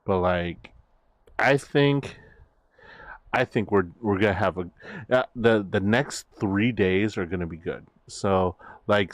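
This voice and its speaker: A man's voice: lowish voice, no room sound. A man chatting casually on his stream, rambling with many fillers and restarts. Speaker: VTuber streamer.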